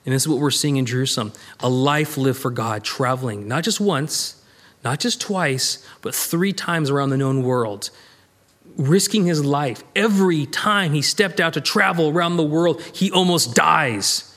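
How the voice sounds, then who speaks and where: A man's voice: fairly high pitch, normal speed. A man teaching a verse-by-verse Bible study as a minister, talking conversationally and acting out the quoted lines. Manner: lively, conversational, reads scripture aloud and acts out quoted lines.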